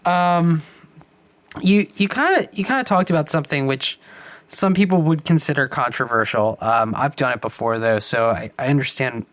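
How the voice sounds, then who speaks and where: A man hosting a podcast, asking long, meandering questions and pausing on many "um"s. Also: mid-range voice, fairly bright tone, no room sound. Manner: meandering, searching for words with many "um"s. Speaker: podcast host. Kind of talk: casual interview questions.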